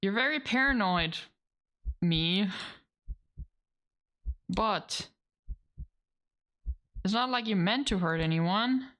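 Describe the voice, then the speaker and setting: A woman's voice: mid-range voice, expressive, slow, pauses often, a bit bright. A woman streaming a game, reading its narration aloud and reacting with laughs and casual swearing. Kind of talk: let's play commentary, reading game text aloud.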